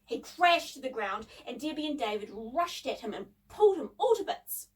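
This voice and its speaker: A woman narrating a children's story in a calm, measured reading voice. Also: high voice, recorded from a distance, rough recording.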